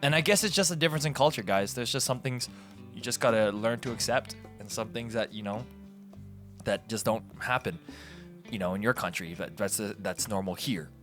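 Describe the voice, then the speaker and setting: A young man hosting a podcast, telling stories in a casual, animated way and acting out what other people said. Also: on the low side, a little fast, faint music behind. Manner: animated, acts out voices in quotes. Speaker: podcast host. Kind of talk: casual storytelling.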